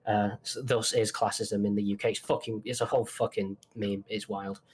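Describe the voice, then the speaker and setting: A Mancunian man in his twenties, from Manchester, England, chats casually as a podcast guest, swearing a lot and filling his speech with fillers and restarts. His voice is lowish and level, fairly quick, with a breathy edge.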